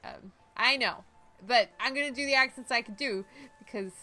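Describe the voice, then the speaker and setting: A woman's voice: mid-range voice, normal speed, sharp tone. A woman from Ireland playing a video game, chatting and joking as she goes. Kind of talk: casual let's-play commentary.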